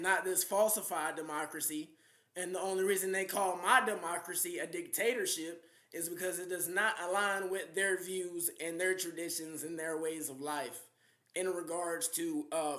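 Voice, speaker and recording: Young man, defiant rambling monologue, high voice, repeats phrases, echoey room. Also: sharp tone. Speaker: self-styled spiritual leader addressing world leaders.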